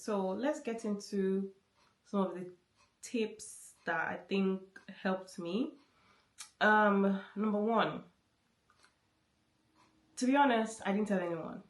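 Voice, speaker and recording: A woman vlogger telling a story in casual chat, with many restarts and repeated words. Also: mid-range voice. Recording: roomy echo.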